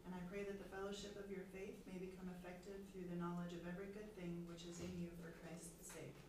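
A woman with a fairly low voice reads scripture aloud at a brisk clip. She is heard from across a very echoey room, with clear background noise. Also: level tone, recorded from a distance. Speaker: class member.

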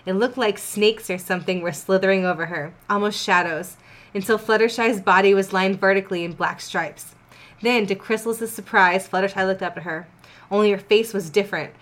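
A woman's voice: mid-range voice, a little fast, fairly bright tone. Woman reading fanfic aloud, wry. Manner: wry, joking asides. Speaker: podcast host reading fan fiction. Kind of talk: comedic dramatic reading.

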